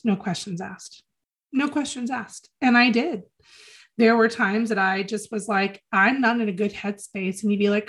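A woman guest on an interview show, remembering a close friend in an earnest, halting way, often repeating phrases for emphasis. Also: medium pitch. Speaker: podcast guest. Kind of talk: emotional personal reminiscence.

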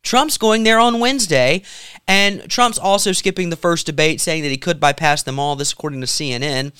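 A man's voice: on the high side, brisk, sharp tone, smooth, dry recording, studio quality. A man co-hosting a podcast, talking through politics in casual, joking banter. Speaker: podcast co-host.

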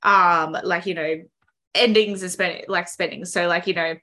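A woman's voice: on the low side, fairly even intonation, moderate pace, sharp tone. A young Australian woman co-hosting a podcast, rambling casually with lots of fillers and laughing often. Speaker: podcast co-host. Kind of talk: casual chat.

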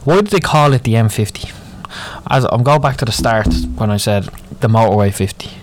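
A man's voice: medium pitch, brisk, slight background noise. Sweary Dublin man ranting. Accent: Irish, Dublin. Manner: moaning, sweary, rambling. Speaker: podcast host. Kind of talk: solo ranting podcast.

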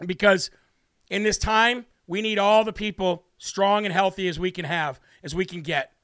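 A man's voice: high voice, fairly even intonation, moderate pace, fairly bright tone, clean tone, no echo, studio quality. A male talk show host giving a brash, emphatic, preachy monologue with a scripture reading.

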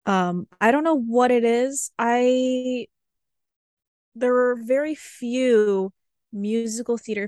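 A woman in her twenties, co-hosting a podcast, chatting casually and telling animated stories with lots of fillers. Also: medium pitch, smooth, no room sound, clean studio sound. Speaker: podcast co-host. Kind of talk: casual chat.

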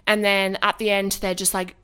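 A woman's voice: medium pitch, level tone, moderate pace, fairly bright tone, clear, resonant tone. A young woman co-hosting a podcast, telling a story in casual chat, swearing freely and saying "like" a lot. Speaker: podcast co-host.

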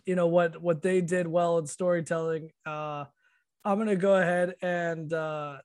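A man's voice: a little high, flat delivery, measured pace, a little mellow, clear, resonant tone. A man co-hosting a podcast, rambling and swearing through casual chat, laughing often. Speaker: podcast co-host.

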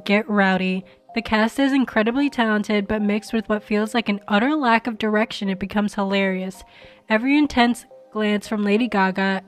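A young adult woman reading movie reviews aloud and adding casual commentary full of fillers and restarts. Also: mid-range voice.

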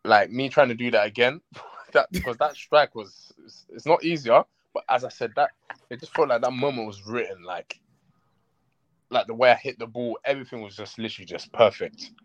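A man from London with a London accent, a podcast guest talking reflectively and quietly, with many fillers. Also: mid-range voice, moderate pace, no echo, muffled recording. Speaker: guest footballer. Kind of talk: casual podcast interview.

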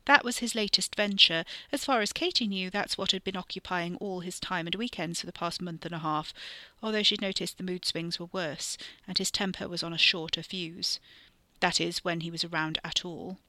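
Horror podcast narrator, steady measured read, drops to whispers sometimes, very bright sharp voice, dry close mic. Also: mid-range voice, no echo. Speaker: podcast storyteller. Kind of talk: scripted narration of a horror story.

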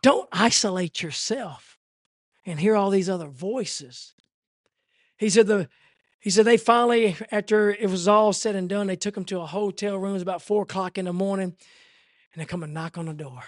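A man's voice: sits high, moderate pace, no room sound. Impassioned male preacher, dry close sound. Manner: impassioned, repetitive, swells to near shouting. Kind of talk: sermon.

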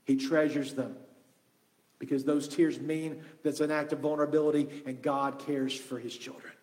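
A male pastor preaching a sermon, impassioned and shifting between loud emphasis and hushed asides. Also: fairly high pitch, level tone, moderate pace. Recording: long reverb of a large hall.

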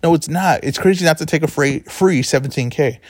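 With a fairly high pitch and a brisk pace, a man hosts a laid-back sports betting show, with no echo in the recording. He's chatty, wanders off topic, and keeps correcting himself.

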